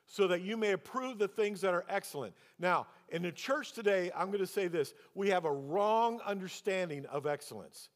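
A man's voice: high-pitched, lively intonation, moderate pace, hardly any pauses. A man preaching as a pastor, telling a personal story and then pressing the congregation with rhetorical questions. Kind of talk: sermon. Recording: long hall reverb.

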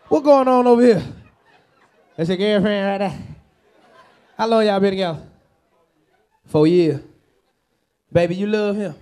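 A man doing profane live crowd-work comedy on stage, loud and laughing at his own jokes. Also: high-pitched, normal speed, pauses often. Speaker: stand-up comedian working the crowd. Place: live club show.

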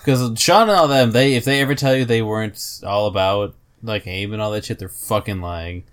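Man, smooth and slightly low voice; laid-back, self-mocking co-host. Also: moderate pace. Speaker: podcast co-host. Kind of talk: casual chat.

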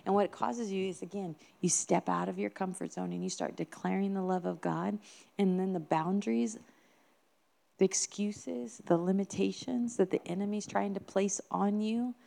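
A woman's voice: medium pitch, steady tone, normal speed, gravelly, mellow. Earnest woman preaching a sermon. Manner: earnest, emphatic, builds with repeated phrases. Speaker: minister.

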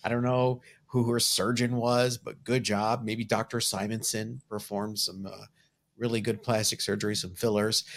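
A man's voice: lowish voice, little pitch movement, moderate pace, creaky, a bit bright. Wry, joking man in casual chat. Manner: wry, joking, dry asides. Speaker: comic book podcast co-host.

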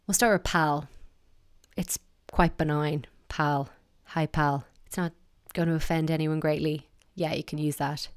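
A woman's voice: sits low, smooth, no echo, studio quality. An Irish woman talking casually and wryly, giving her opinions in a chatty monologue.

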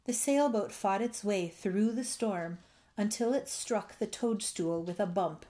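A woman narrates a children's story in a slow, unhurried pace. Her voice sits at an ordinary middle pitch, and her manner is gentle and even. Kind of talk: scripted narration.

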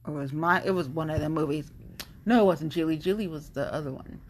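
A young woman talking in a casual monologue, rambling and animated, with blunt opinions and lots of fillers. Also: sits low, brisk. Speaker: vlogger sharing opinions.

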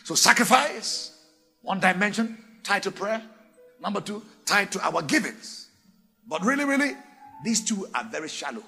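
A man preaching a sermon, animated and theatrical, acting out little voices. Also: high voice, moderate pace, gravelly, faint music behind. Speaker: pastor.

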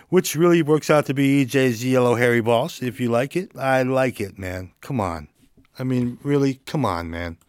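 A man's voice: mid-range voice, measured pace, clean tone, dry recording, studio quality. A man hosting a casual solo podcast, laid-back and joking, chuckling now and then as he talks. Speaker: podcast host.

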